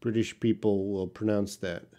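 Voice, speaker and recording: A man's voice: fairly low pitch, flat delivery, moderate pace, warm tone. A man from Canada, an English teacher, reading out viewer questions on a live stream and answering them in a plain, direct, sometimes blunt way.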